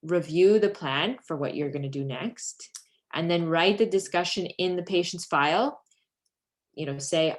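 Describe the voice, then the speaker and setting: A woman's voice: sits low, normal speed. A woman trainer giving a live lesson on palliative care communication, patiently explaining step by step and modeling example phrases. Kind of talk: live teaching session.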